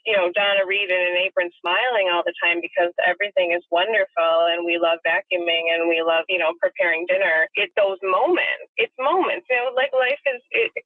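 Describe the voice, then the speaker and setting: A woman's voice: lowish voice, dry recording. Woman guest, candid, emotional, laughs easily, tinny phone line, dry sound. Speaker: podcast guest, writer and mother. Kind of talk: conversational podcast interview. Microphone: phone or call line.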